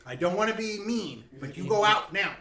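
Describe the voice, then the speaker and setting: A man's voice: sits high, animated, fairly quick, pushed and bright, a little hiss or hum, pitched above the performer's own voice. A man voicing a fierce, bossy young girl who barks orders. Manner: barking orders.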